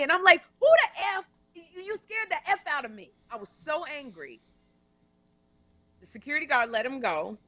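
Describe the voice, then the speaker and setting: A woman co-hosting a comedy podcast live stream, telling a long story in an animated, run-on way with frequent restarts and blunt jokes. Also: fairly low pitch. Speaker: podcast co-host.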